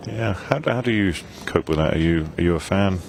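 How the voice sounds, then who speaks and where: Male pool commentator, very low voice, easygoing and chatty, booth hum behind. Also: brisk, vocal fry. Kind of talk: live sports commentary.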